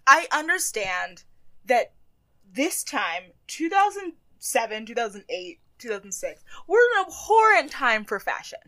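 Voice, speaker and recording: An animated young woman co-hosts a casual recap chat, laughing easily. Her voice is bright and ringing, and her pitch leaps all over the place. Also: unhurried. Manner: animated, laughs often, breaks into a high squeal. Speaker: podcast co-host.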